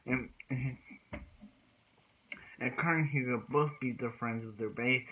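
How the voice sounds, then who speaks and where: A man casually recapping a cartoon episode as a reviewer, halting and restarting his sentences often. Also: mid-range voice, sharp tone, dull audio. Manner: halting, frequent restarts and repeated phrases.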